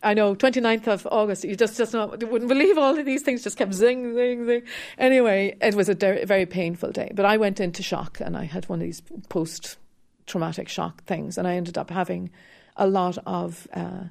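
A woman's voice: mid-range voice, fairly even intonation, moderate pace, gravelly, hardly any pauses. Reflective woman harp teacher. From Ireland. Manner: candid, reflective, with soft laughs. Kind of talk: radio interview.

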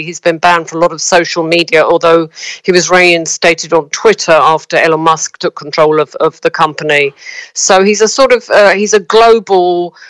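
Smooth-voiced woman correspondent on a call. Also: on the low side, fairly bright tone, no room sound, poor audio. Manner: measured, hesitant with frequent ums. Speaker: news correspondent. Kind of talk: news interview. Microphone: phone call.

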